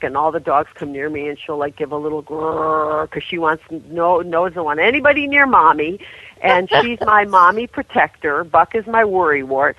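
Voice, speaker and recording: A woman's voice: low voice, no room sound. Earnest woman on a tinny phone line. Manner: earnest, heartfelt, rambling. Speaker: phone-in guest, author and animal rescuer. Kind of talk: emotional radio interview.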